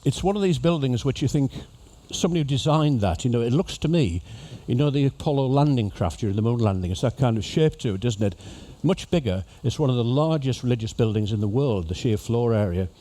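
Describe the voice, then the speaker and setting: In a lecture venue aboard a ship, a man entertains cruise passengers after dinner with a funny, conversational talk. His voice is medium-pitched and warm, and he tells stories and jokes straight to the crowd.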